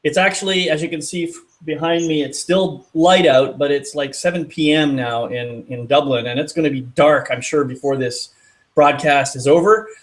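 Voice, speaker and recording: A man hosting a casual talk show, relaxed and rambling, with fillers and restarts. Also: fairly high pitch, normal speed. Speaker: host. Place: outdoors in a city at dusk.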